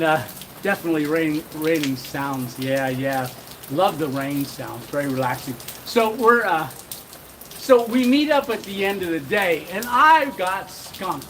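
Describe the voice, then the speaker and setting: A man's voice: a little high, fairly bright tone. A middle-aged man hosting a casual live stream, telling a rambling story with chuckles and lots of fillers. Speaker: channel host. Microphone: handheld camera. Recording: rain noise behind voice. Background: rain.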